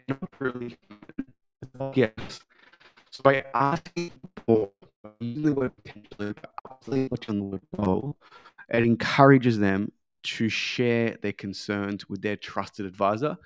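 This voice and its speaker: A male sales trainer talks in a loose, conversational way, dropping in plenty of filler words. His voice sits in an ordinary middle range. The recording is dry, with no echo. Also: mid-range voice. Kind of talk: sales training with role-play.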